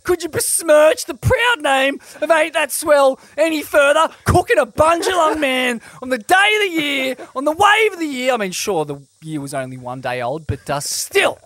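A man's voice: very high voice, very animated, normal speed, few pauses, a bit bright. An Australian man hosts with theatrical mock-seriousness, scolding his co-host in a pompous, indignant tone. The recording is dry and close, with no room echo. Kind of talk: mock-serious podcast roast.

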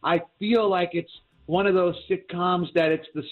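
Man, TV critic, phone-line sound, slightly high voice, rambling, hiccuping. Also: steady tone, a little slow. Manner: rambling, many restarts and fillers. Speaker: TV critic guest. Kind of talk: casual chat about TV.

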